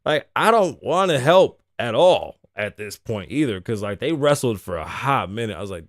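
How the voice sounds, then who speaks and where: A man's voice: mid-range voice, big pitch swings, normal speed, few pauses, dry recording, clean studio sound. A man hosting his show, telling a casual, profane story time with lots of laughing. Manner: laughs often between lines. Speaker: host.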